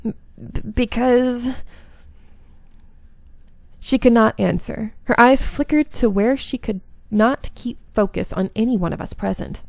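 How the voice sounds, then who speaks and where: A woman's voice: fairly high pitch, moderate pace, creaky, hardly any pauses, no echo. A woman playing through a visual novel and reading its narration aloud, with small slips and asides. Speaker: game streamer.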